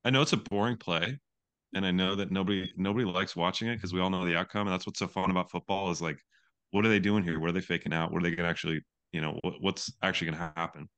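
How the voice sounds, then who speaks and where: Man from the pacific northwest, deep low voice, sports podcast co-host, easygoing, argumentative. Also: fairly even intonation, quick pace, a bit bright. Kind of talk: casual sports betting chat.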